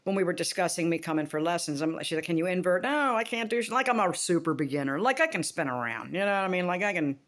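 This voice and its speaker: A woman's voice: low-pitched, lively intonation, quick pace, few pauses. A middle-aged woman chatting casually to her viewers, laughing often and acting out bits of dialogue. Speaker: vlogger. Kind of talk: casual vlog chat.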